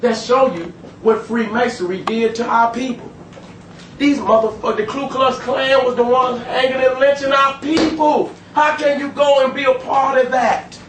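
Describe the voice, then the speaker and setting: A man lecturing an audience in a profane, emphatic street style, swinging between loud and low. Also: fairly even intonation, moderate pace, reverberant, recorded from a distance, background noise. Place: room with a live audience.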